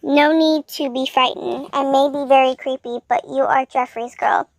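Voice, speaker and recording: A woman reading a polite, gruff faceless killer. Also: steady tone, moderate pace, no room sound. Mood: formal. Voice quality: deep, gruff. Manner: polite and formal. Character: tall, faceless, formal male killer. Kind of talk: fanfiction reading.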